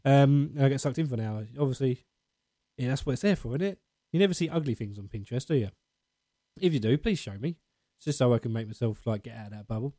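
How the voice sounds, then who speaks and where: A man's voice: medium pitch, animated, fast, mellow, dry recording. A man with an Essex accent hosting his podcast segment, rambling and self-mocking in casual chat. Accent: Essex English.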